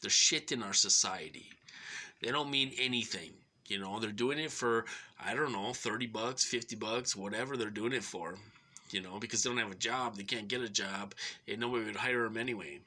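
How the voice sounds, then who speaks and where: Middle-aged man, bright sharp voice, rambling complaint, short of breath, lots of fillers. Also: fairly low pitch, moderate pace. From Minnesota. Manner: rambling, aggrieved, many fillers and restarts. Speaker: vlogger. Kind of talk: rambling personal monologue.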